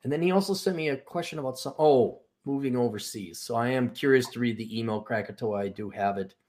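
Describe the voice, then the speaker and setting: A man's voice: mid-range voice, quick pace, a little mellow. A man hosting a casual late-night talk show over a video call, ranting in a crude, sarcastic way. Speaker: show host.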